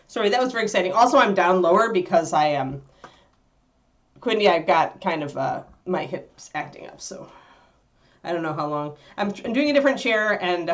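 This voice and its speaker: A woman hosting a casual livestream, animated and laughing, cooing at her puppy between remarks. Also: on the low side. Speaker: livestream host.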